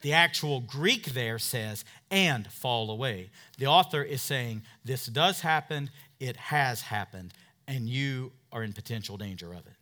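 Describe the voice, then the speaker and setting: A pastor in his thirties delivers an emphatic sermon, calling for amens from the congregation and shifting between quiet asides and loud, driving points. His medium-pitched voice is expressive and his pace is measured.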